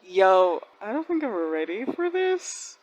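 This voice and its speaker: A woman hosting a reaction video, giving casual commentary in an excitable way, laughing often and talking back at the screen. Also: medium pitch, takes it slowly, poor audio.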